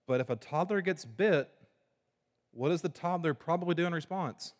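A man preaching a sermon to a congregation, moving between forceful emphasis and hushed, low passages. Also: moderate pace. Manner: dynamic preaching, swinging from loud emphasis to hushed low tones. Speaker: pastor. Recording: long reverb of a large hall.

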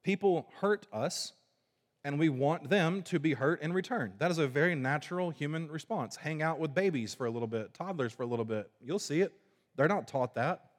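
A man preaching a sermon to a congregation, moving between forceful emphasis and hushed, low passages. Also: normal speed. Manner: dynamic preaching, swinging from loud emphasis to hushed low tones. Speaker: pastor. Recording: long reverb of a large hall.

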